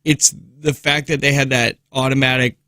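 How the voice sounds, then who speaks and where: A man co-hosting a morning radio show, chatting in animated banter with frequent laughs and restarts. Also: mid-range voice, normal speed, no echo, studio quality. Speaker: radio co-host. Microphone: studio mic.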